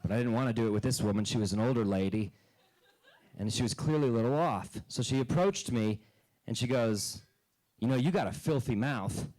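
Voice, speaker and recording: A man doing a stand-up comedy set on a club stage into a handheld mic, dry and deadpan, breaking into loud character bits. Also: medium pitch, a little fast, poor audio.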